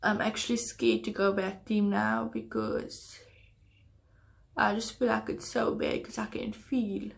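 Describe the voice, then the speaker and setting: A woman's voice: medium pitch, steady tone, a little slow, creaky. A young woman talking to camera in a personal storytime vlog, hesitant and earnest. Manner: hesitant, earnest confessional talk. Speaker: vlogger.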